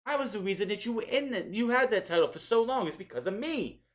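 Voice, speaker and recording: A man's voice: lively intonation, quick pace, fairly bright tone. A man voicing a wounded, pleading older male wrestling manager, protesting frantically. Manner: frantic, high-pitched protesting.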